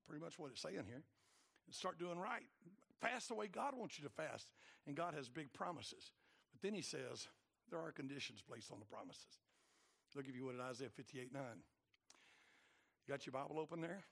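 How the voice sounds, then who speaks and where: A man preaching a sermon in a colloquial, emphatic way, moving between quiet asides and loud exhortation. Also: a little high, expressive, moderate pace, vocal fry, pauses often, slightly rough.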